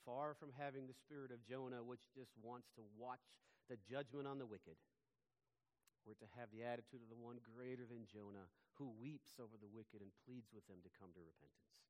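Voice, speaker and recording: A man preaching a sermon in a mid-range voice. He climbs to loud, pleading emphasis on key points, then drops low and quiet to drive a lesson home. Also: fairly even intonation, moderate pace. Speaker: pastor.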